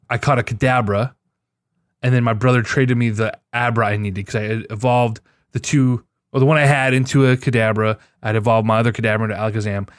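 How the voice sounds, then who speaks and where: An excitable man chats casually about his video game catches, swearing often and jumping into loud bursts. His voice sits at an ordinary middle pitch. The sound is close and dry, with no room around it. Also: dry recording. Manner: excitable, profane, storytelling. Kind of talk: casual gaming chat.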